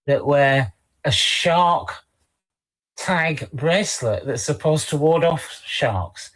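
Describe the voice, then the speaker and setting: A co-host in casual talk-show chat, speaking haltingly with many repeated words and fillers. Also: mid-range voice, expressive, a bit bright.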